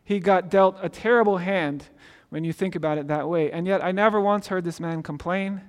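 A man's voice: high voice, normal speed, big-room sound. A male pastor preaching a sermon in a conversational way, often asking "right?" and restarting words.

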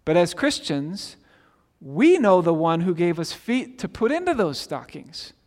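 A high-voiced male pastor delivers a sermon in a loose, chatty style, stumbling over his opening words and repeatedly asking "right?" His voice is very animated, measured in pace, and somewhat dark in tone. A long reverb trails after everything he says.

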